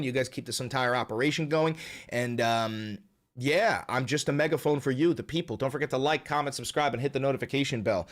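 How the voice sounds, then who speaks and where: A man hosting his own political commentary show, ranting casually and swearing constantly in a blunt, fired-up way. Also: mid-range voice. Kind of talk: casual profane political rant.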